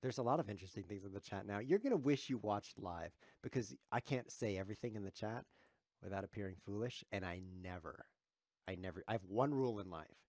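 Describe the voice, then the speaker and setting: A man's voice: on the low side, animated, quick pace, a little mellow, no echo. A man streaming live chess commentary, joking and chuckling as he reads chat messages aloud while he plays.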